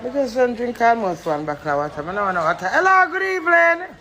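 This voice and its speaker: A Jamaican woman chatting loudly with fans and showing off merchandise, exclaiming and swearing in patois. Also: medium pitch, lively intonation, racing, echoey room. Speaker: dancehall personality showing off merchandise. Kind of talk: casual chat with fans at an event.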